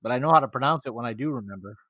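A man's voice: mid-range voice, rapid-fire, sharp tone, no room sound, studio quality. A man from South Dakota hosting an interview, joking and self-deprecating. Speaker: podcast host. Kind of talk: casual interview chat.

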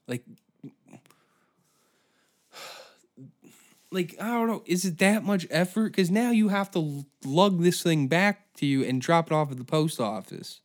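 A man's voice: on the high side, takes it slowly, pauses often. A young man hosting a comedy podcast, ranting in an exasperated, profane way. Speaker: podcast host. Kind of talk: comedic solo rant.

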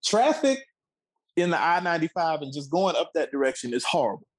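A man's voice: fairly high pitch, big pitch swings, a little fast, breathy edge, rough recording. A man in his twenties from the Washington, D.C. area, co-hosting a sports talk show with a heated, profane, emphatic rant. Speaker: co-host.

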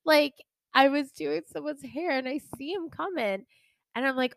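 A woman's voice: high voice, normal speed, vocal fry, dry recording. Bubbly woman with a dry close voice. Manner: animated storytelling, lots of "like". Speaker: podcast co-host. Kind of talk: casual chat. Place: hairdresser, talks of her salon.

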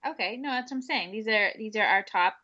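A woman's voice: mid-range voice, fairly quick, pushed and bright, dull audio. A woman co-hosting a podcast, chatting and teasing her co-host, often laughing. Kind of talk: casual chat.

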